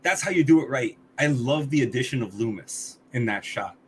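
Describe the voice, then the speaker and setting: A man's voice: mid-range voice, lively intonation, fairly quick, slight background noise. A man co-hosting a podcast, reviewing a movie in casual chat, blunt and swearing often, with many restarts. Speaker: podcast co-host.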